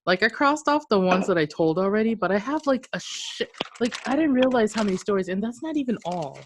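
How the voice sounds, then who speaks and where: A woman chats on a casual podcast, her pitch rising and falling freely. She reacts openly and rambles into her next story. Faint noise sits under the voice. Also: a little fast. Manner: reactive, expressive listener. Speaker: podcast co-host.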